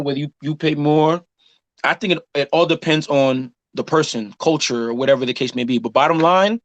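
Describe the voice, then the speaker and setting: A man's voice: on the high side, dry recording. A man in his thirties co-hosting a casual chat show, telling stories and acting out the people he quotes. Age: 30s. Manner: animated storytelling, acts out quotes. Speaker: podcast co-host.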